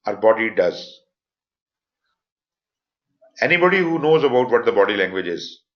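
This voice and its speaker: A man's voice: on the low side, sing-song, moderate pace, long pauses, lo-fi sound. A man with a Pakistani English accent giving a live online lecture as instructor, explaining points and stressing them with voice inflections. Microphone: computer mic for online class.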